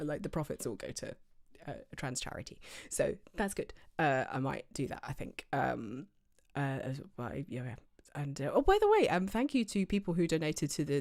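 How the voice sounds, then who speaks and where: A woman streamer chatting casually from her home office, rambling with lots of fillers and tangents. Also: lowish voice. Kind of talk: casual livestream chat.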